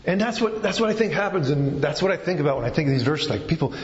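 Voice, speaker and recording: A man's voice: a little high, animated, fast, slight background noise. A male pastor giving a conversational sermon, often restarting his sentences. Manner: conversational, with frequent restarts and fillers. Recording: echoey hall, dull lo-fi sound.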